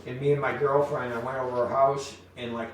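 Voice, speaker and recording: A middle-aged man, telling lively stories on a podcast and acting out the voices of the people in them. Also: medium pitch, brisk. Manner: animated storyteller, acts out quoted voices. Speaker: podcast guest. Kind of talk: storytelling in casual chat. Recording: echoey room, distant mic, faint noise.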